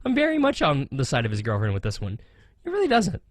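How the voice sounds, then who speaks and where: An American man at mid pitch delivers opinionated racing commentary as a show host. He gets animated and sarcastic, leaning into his points. The sound is dry and close, with no room echo. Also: fast. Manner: animated, sarcastic, mocks others in jokey voices.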